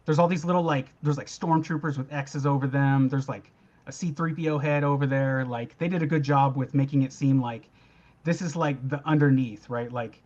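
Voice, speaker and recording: A man's voice: medium pitch, steady tone, moderate pace, darkish tone, muffled recording. A man co-hosting a casual fan discussion, pointing out details with lots of "like" and fillers. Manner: detail-focused, filler-heavy, uses "like" often. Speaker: co-host. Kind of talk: casual chat.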